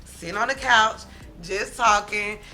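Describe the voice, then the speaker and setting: A woman vlogger telling a story from her teens in a casual, animated way, talking straight to her viewers. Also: mid-range voice, a little slow, soft background music. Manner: animated, dramatic, talks straight to viewers as "y'all".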